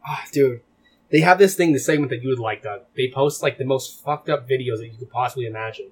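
Young male co-host, mid-pitched, loose and profane, quick to laugh. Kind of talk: casual chat.

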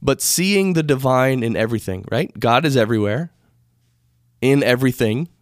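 On a casual spirituality podcast, an American man hosts, rambling and self-correcting as he talks into a studio microphone. His medium-pitched voice is expressive and moderately paced, and the audio has studio quality with no room sound.

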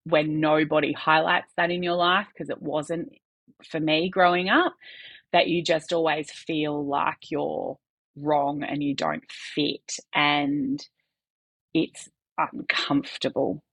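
A woman's voice: deep voice, level tone, takes it slowly, fairly bright tone, no room sound. A woman, a podcast guest talking candidly in earnest bursts with some restarts.

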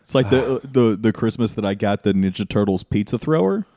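A man co-hosting a podcast, chiming in with deadpan one-liners and a short childhood story. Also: fairly low pitch, a little fast. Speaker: podcast co-host. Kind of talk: casual chat.

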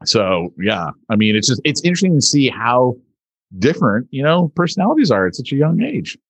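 A man co-hosting a casual podcast chat, telling family stories in a relaxed way. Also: mid-range voice, a little fast, husky, dry recording. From Southern California. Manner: relaxed storytelling. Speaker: podcast co-host.

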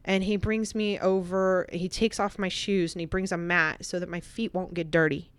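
A woman with a notably deep voice recounts a personal story as a podcast guest. She talks casually, sometimes lively and sometimes hushed and reflective. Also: moderate pace, clean tone, no echo. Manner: animated, vivid storytelling that turns quiet and reflective.

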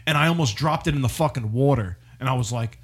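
A man's voice: medium pitch, quick pace, slightly rough. A man co-hosting a podcast in casual chat, profane and laughing as he tells stories. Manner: profane, laughing, animated storytelling. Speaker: podcast co-host.

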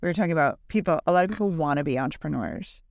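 A woman's voice: sits low, expressive, racing, creaky, darkish tone, dry recording, clean studio sound. A woman co-hosting a podcast, chatting casually, teasing her guest and thinking aloud in loose run-on sentences. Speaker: podcast co-host. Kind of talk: casual interview chat.

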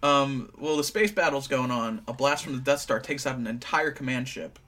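A young man in casual chat, recapping scenes with quick offhand quips. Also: medium pitch, a bit bright. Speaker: co-host.

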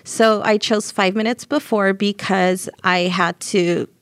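A young woman recounts her experience in a relaxed interview, her mid-range voice jumping up as she replays arguments. The sound is close and dry, with no room around it. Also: medium pitch, takes it slowly, dry recording. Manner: animated, voices rise when reenacting scenes. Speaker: surrogate telling her story. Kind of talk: conversational interview storytelling.

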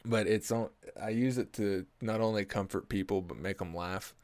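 Young man in his early 20s, low voice, profane rambling comic host, dry recording. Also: steady tone, moderate pace, a little mellow, dry recording. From Oklahoma. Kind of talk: casual comedic monologue.

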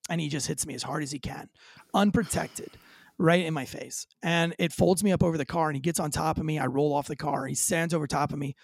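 A man, a former police officer, telling a dramatic story with high energy as an interview guest, acting out quoted lines. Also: fairly quick, creaky, no room sound.

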